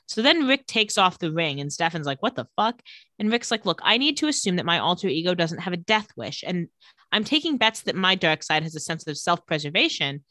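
With a lowish voice, a woman co-hosts a relaxed podcast, animatedly walking through a TV episode and voicing the characters' lines quickly. The audio is clean studio sound with no echo.

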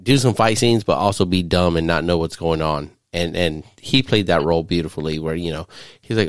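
A man's voice: deep voice, moderate pace, clear, resonant tone, dry recording, clean studio sound. A man hosting a podcast, recapping a movie in casual, profane chat and laughing often. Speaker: podcast host. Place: studio.

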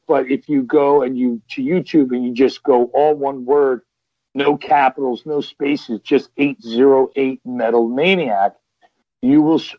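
A man's voice: mid-range voice, no echo. A middle-aged man, a veteran wrestler and podcast guest, telling stories in a rambling, casual way with lots of restarts. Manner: rambling, restarts and repeats, lively retelling of quotes. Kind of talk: casual storytelling. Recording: dull, dry sound.

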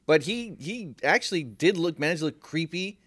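Wry joking man with a lively voice. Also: fairly high pitch, normal speed, no echo. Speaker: podcast co-host. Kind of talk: casual chat about movies.

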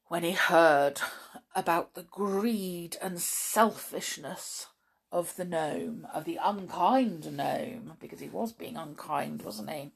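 A woman reading a children's story aloud in an animated way, with chatty asides. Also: lowish voice, slow pace, gravelly, husky.

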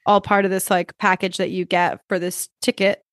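A woman's voice: medium pitch, moderate pace, dry recording. Wry woman in casual chat, dry sound. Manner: wry, deadpan asides, filler "like". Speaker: podcast co-host.

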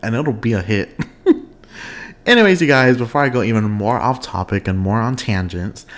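A young man hosting his own podcast in casual, expressive chat, laughing often and wandering off on tangents. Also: on the low side, moderate pace. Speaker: podcast host.

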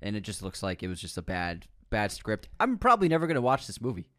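Man, low voice, very animated intonation, playful joking co-host, dry close recording. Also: no room sound. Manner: playful, joking, quick short replies. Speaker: podcast co-host. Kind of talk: casual chat.

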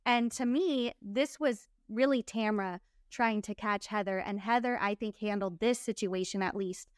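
A woman's voice: mid-range voice, moderate pace, no echo, studio quality. A young woman co-hosting a casual chat show, recapping a reality series and acting out the cast's lines. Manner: chatty, acts out cast members' lines. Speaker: podcast co-host.

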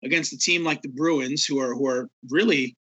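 A man's voice: medium pitch, normal speed, a bit bright, rough recording. A man co-hosting a podcast, telling a long self-mocking story in loose casual chat. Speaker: podcast co-host.

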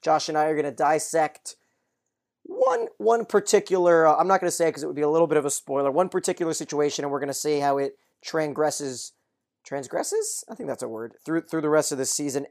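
A podcast host who reads listener mail and recaps a TV episode in a brisk, steady run of summary. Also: mid-range voice.

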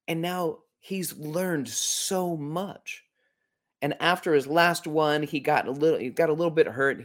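A middle-aged man hosting a podcast, telling a personal story in an earnest, reflective way with frequent restarts. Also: fairly low pitch. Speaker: podcast host. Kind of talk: personal story and coaching talk.

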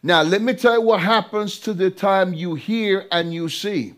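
A man's voice: high-pitched, measured pace, hardly any pauses, a bit bright. A man preaching a sermon, emphatic and drawn out, repeating phrases and throwing rhetorical questions to his listeners.

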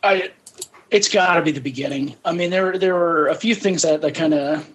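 A man's voice: on the high side, normal speed. Emphatic man reviewing a movie. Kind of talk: casual movie review chat.

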